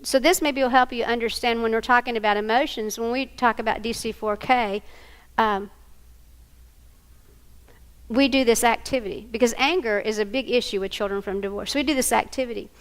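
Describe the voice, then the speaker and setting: A woman's voice: a little high, a little fast, clean tone. An older woman, a grandmother, presenting a live training workshop and quizzing her audience. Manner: animated, asks the audience questions.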